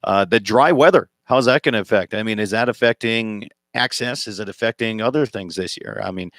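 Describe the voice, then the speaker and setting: A man's voice: on the low side, fairly quick, a bit bright, dry recording, clean studio sound. A man hosting an outdoors radio show, chatting in a folksy, rambling way and laughing easily, broadcasting from a small closet. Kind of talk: casual talk radio chat.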